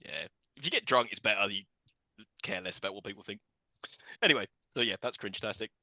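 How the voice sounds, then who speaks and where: A man's voice: fairly low pitch, lively intonation, fast, bright, forceful tone, no echo. A British man co-hosting a podcast, animatedly retelling film scenes with frequent laughter in casual chat. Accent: British English. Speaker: podcast co-host.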